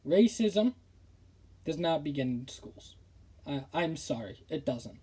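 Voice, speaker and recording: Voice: mid-range voice, expressive, slow pace, long pauses, dark tone, slightly rough. A football commentary streamer ranting with indignation in casual talk, often stammering and restarting sentences. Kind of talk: casual opinion rant.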